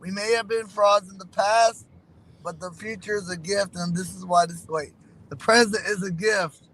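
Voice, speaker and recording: A man's voice: high-pitched, fairly even intonation, moderate pace, fairly bright tone, rough recording. A man calling in from his car, talking with energy and bravado. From Georgia. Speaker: caller. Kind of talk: casual chat.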